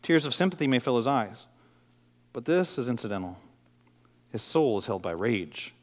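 Man, middle-aged pastor, from the Detroit area, passionate sermon, loud peaks and hushed asides. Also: medium pitch, sing-song, normal speed, in a large hall. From Detroit area, USA. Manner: passionate, swinging between loud intensity and quiet intimacy.

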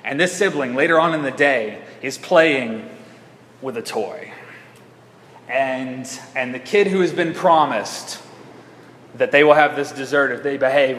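Conversational preacher in an echoey hall. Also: male voice, mid-range voice, fairly bright tone, slight background noise. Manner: conversational, halting with restarts. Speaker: pastor. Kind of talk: sermon. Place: church sanctuary.

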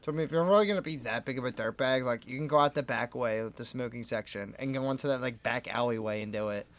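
Casting: man, mid-pitched, blunt and crude, casual storyteller. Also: quick pace, a bit bright. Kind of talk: casual chat.

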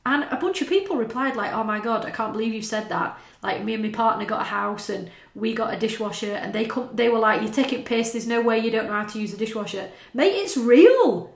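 A woman's voice: on the high side, fast talker, gravelly, few pauses, echoey room. A woman, chatting casually as a podcast co-host, swearing and laughing as she talks. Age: 30s. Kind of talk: casual chat.

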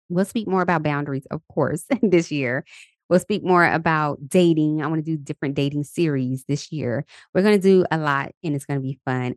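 Woman podcast host, deep voice, chatty and upbeat, leads affirmations, dry close sound. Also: no echo. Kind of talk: casual motivational talk. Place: Los Angeles.

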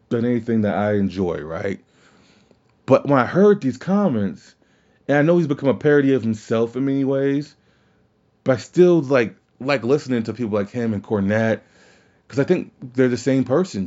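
A man's voice: mid-range voice, mellow, husky, muffled recording. A man hosting a casual wrestling podcast, talking in an opinionated, rambling way with frequent restarts and some swearing.

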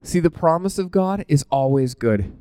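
A man preaching a conversational sermon in an animated, informal way, often breaking off mid-thought and laughing at himself. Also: a little high, moderate pace, clean tone, dry recording.

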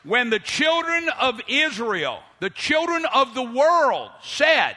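High bright-voiced preaching pastor in a hall. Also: male voice, unhurried, few pauses. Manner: animated preaching, pitch and volume swinging widely, voicing people in his story. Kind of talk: sermon. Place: church hall. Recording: long reverb of a large hall.

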